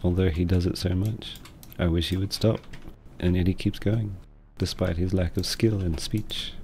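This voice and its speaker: A young man streaming, rambling and joking at himself, with a quiet, mumbling voice. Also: deep voice, steady tone, moderate pace. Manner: rambling, self-deprecating, laughs often. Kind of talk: casual chat reading chat. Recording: faint music behind.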